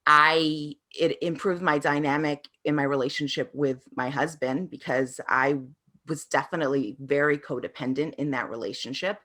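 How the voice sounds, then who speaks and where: Low-voiced woman telling her story. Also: steady tone, moderate pace, a bit bright. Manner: earnest, reflective storytelling. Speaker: parenting coach guest. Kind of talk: conversational interview answers.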